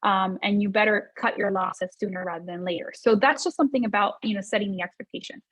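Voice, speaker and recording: A woman's voice: mid-range voice, quick pace, no room sound, rough recording. A woman leads a business workshop, speaking in a mid-range voice. Her delivery is loose and conversational, with fillers, restarts and points repeated for emphasis. The recording is dry, with no room sound. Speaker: workshop presenter.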